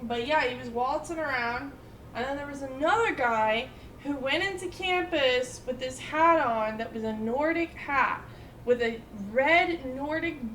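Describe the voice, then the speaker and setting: A woman in her twenties chatting casually, telling lively stories full of fillers and quoted voices. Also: sits high, reverberant, a little hiss or hum. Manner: animated storytelling with many fillers and quoted voices. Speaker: storyteller in casual chat. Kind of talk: casual chat.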